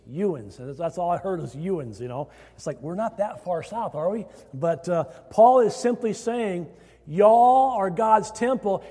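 A man's voice: high voice, dark tone. A man from Iowa, a pastor preaching a sermon to his congregation, stressing phrases as his voice rises. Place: church sanctuary. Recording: hall reverb.

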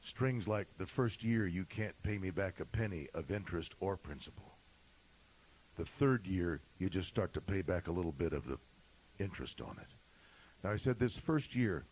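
A middle-aged male pastor telling a story in a sermon, swinging from shouting to a hushed whisper. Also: sits low, lively intonation, moderate pace, low-quality recording.

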